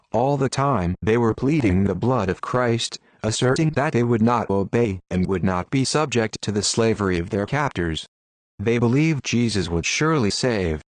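A man narrating an audiobook in a measured, solemn reading. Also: fairly low pitch, no echo. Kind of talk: scripted narration.

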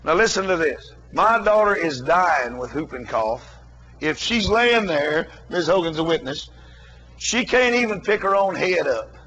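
A man's voice: fairly high pitch, lively intonation, measured pace, a bit bright, breathy edge. A middle-aged man preaching a sermon, telling a story in an emphatic, emotional way.

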